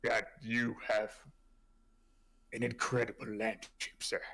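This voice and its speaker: A man's voice: mid-range voice, flat delivery, slow pace, sharp tone, full character voice. A man voicing a sheepish, awestruck male adventurer in a tabletop game.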